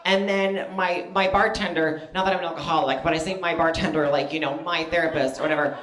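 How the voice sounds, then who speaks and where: A man's voice: fairly high pitch, steady tone, fast, a bit bright, roomy sound. A man in his thirties performing a stand-up comedy set on stage, chatty and self-deprecating, full of fillers and asides. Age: 30s. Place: stage in front of a live audience.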